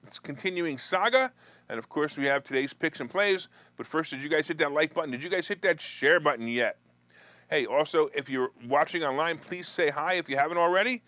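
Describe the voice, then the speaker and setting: On a dry recording, a bright, forceful male voice runs a live finance-and-politics talk show about stocks. He jokes around with viewers, breaks off into restarts and asides, and ridicules opponents by putting on a whiny high voice.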